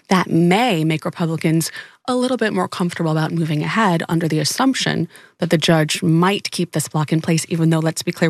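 A woman's voice: sits low, creaky, dry recording. Woman, political editor guest, conversational analysis, dry close sound.

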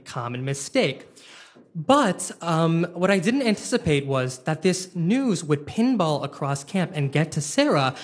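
A young man telling a funny personal story live, self-deprecating and quick-witted, with plenty of ums and uhs. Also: on the high side, husky.

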